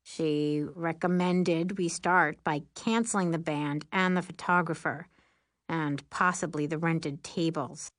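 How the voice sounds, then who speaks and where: A woman's voice: low-pitched, steady tone, takes it slowly, no room sound, studio quality. A woman voicing a worried teenage boy who is class president, speaking glumly. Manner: worried, sighing, glum.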